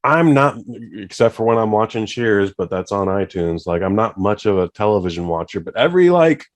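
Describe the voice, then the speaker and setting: An American man hosting a casual podcast chat, animated and swearing freely. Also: fairly low pitch, fairly quick. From United States.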